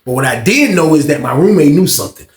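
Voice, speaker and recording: A man telling a casual storytime monologue to his viewers in an animated, slangy way, acting out what others said in raised voices. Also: a little high, fast, reverberant.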